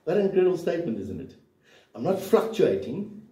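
With a dark tone and a sing-song lilt, this man preaches fairly quickly in a voice on the high side. He's a pastor giving an emphatic sermon full of rhetorical questions, recorded from a distance in an echoing church hall.

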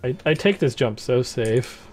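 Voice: medium pitch, animated, a little slow, darkish tone. A speedrun streamer giving playful, joking commentary while racing a friend.

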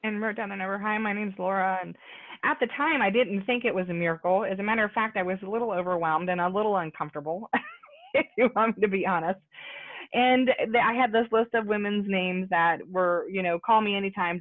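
A woman's voice: mid-range voice, no echo. A woman telling her recovery story at a support meeting held over a video call, talking conversationally with lots of fillers and asides. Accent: American. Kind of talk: personal testimony at a support meeting. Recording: tinny phone-like call audio.

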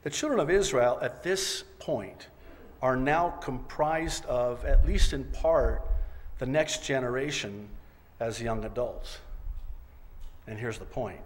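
A man's voice: medium pitch, slow. A man preaching a sermon as pastor, reading scripture emphatically and voicing its quoted lines with drama. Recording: long reverb of a large hall.

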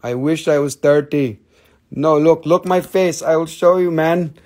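A man's voice: a little high, a little slow, darkish tone. A man in his forties hosting a live gemstone sales stream, chatting in a playful, rambling, jokey way and swearing casually. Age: 40s.

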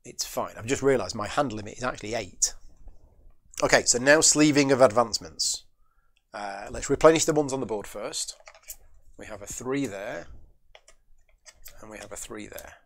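Man of middle pitch, board game host talking himself through each move. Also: normal speed, pauses often, fairly bright tone. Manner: muses aloud, questions and answers himself; chats with viewers between moves. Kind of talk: solo board game playthrough, thinking aloud.

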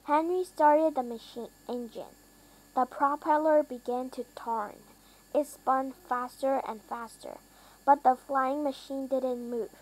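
A woman reading a children's storybook aloud, slowly and carefully, with small slips that she corrects. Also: steady tone, a little mellow, a little hiss or hum, rough recording. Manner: lifts pitch and volume for characters' lines. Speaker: reader.

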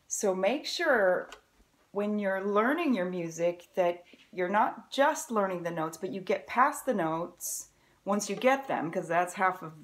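Upbeat woman violin teacher. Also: medium pitch. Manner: upbeat, encouraging, explains step by step. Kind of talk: friendly music lesson to camera.

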